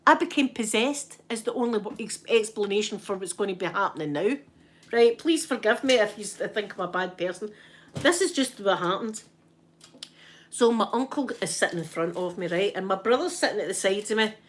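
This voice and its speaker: A woman's voice: mid-range voice, a little fast. A Scottish woman telling a story to her live chat in a casual way, acting out what people said and often asking "right?". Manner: animated, tags lines with "right?", acts out what people said. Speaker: ASMR streamer chatting with viewers.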